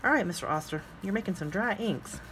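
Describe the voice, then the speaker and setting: A woman vlogging casually as she swatches inks, chatting and thinking out loud with frequent fillers as she works. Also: mid-range voice, animated, quick pace, slight background noise. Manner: talks to herself while working with her hands. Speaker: fountain pen ink vlogger.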